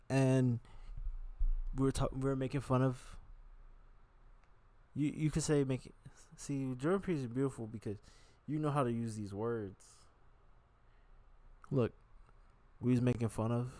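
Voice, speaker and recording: With a medium-pitched, darkish voice and no echo, a young man delivers a freewheeling vlog monologue on camera, hands moving as he talks. He curses often and keeps breaking into acted-out voices of other people.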